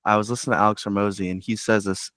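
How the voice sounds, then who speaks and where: A man with a fairly low voice talks in a relaxed, casual way, dropping in "like" as he explains. The sound is close and dry. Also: very fast, no room sound. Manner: relaxed, uses filler "like". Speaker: insurance agent guest. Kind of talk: casual chat.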